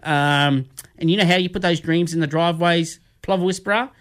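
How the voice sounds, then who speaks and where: A man's voice: fairly high pitch, a little fast, a bit bright. A middle-aged man with an Australian accent hosting a radio show, reading sponsors playfully and laughing often. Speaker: radio host. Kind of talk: lively radio chat with sponsor reads.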